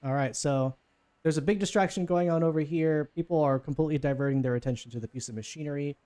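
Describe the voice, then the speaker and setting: A man's voice: a little high, fast, dark tone. A man running a tabletop game as game master, narrating in a casual, rambling way.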